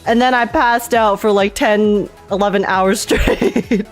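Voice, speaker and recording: A woman's voice: medium pitch, steady tone, measured pace, soft background music. A woman hosting a casual live-stream podcast, chatty and scatterbrained, laughing often as she talks. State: tired after oversleeping. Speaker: streamer host.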